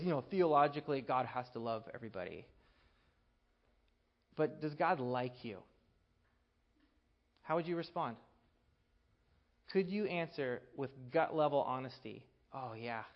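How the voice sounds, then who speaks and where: A man preaching a sermon, earnest, building to emphatic peaks and dropping to a hushed voice to tell a story. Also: on the high side, muffled recording.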